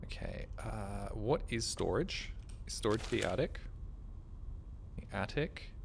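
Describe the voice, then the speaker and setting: A man casually commenting while he plays a horror game live, rambling and joking, swearing and yelling at scares. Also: lowish voice, expressive, unhurried, vocal fry, a little hiss or hum. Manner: rambling, jokey, swears, yells at jump scares. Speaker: streamer.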